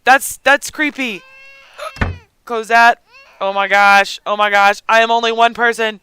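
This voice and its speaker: A young man with the hiccups talks through a game at a slow, unhurried pace, his voice bright and smooth. He gasps, yelps and chats to the characters on screen, and the sound is dry and close. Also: very high voice, animated, no echo. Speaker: let's play gamer. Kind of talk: gameplay commentary.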